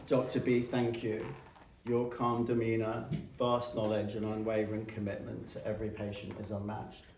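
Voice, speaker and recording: A man's voice: on the low side, completely flat delivery, moderate pace, background noise. A British man reading a heartfelt graduation speech to clinic staff and patients, earnest with light self-mocking humor. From Britain. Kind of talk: read-out thank-you speech. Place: clinic room with a small audience. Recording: echoey room from a distance.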